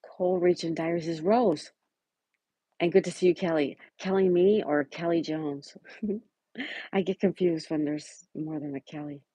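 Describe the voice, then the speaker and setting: Woman, livestream host, low mellow voice, dry close sound, reads chat and greets viewers. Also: a little slow, slightly rough, no room sound, lo-fi sound. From Buffalo, New York. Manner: greets viewers by name and chats back warmly. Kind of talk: casual live chat, reading viewer comments aloud.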